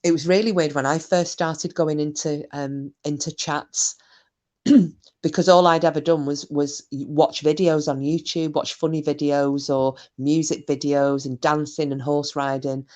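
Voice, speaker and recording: A woman's voice: deep voice, steady tone, unhurried, a little mellow. A middle-aged woman, hosting a casual livestream, reading chat messages aloud and trading cheeky, bawdy banter. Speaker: live stream host reading chat.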